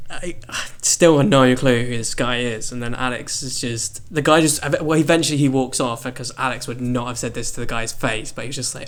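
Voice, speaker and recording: A young man co-hosting a casual podcast, an animated storyteller who laughs mid-story. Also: mid-range voice, brisk, few pauses. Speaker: podcast co-host, band member. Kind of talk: casual chat.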